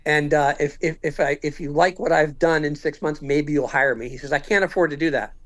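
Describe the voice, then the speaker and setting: Fast-talking man telling an animated story. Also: on the high side. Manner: animated, acts out quoted dialogue. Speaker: podcast guest. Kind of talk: storytelling in casual conversation.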